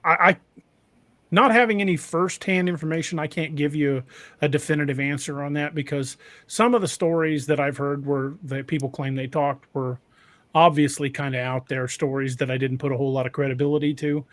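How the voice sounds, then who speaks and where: A man hosting a casual podcast conversation, halting and often restarting his sentences. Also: on the high side, fairly even intonation, fairly bright tone, no echo. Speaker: podcast host.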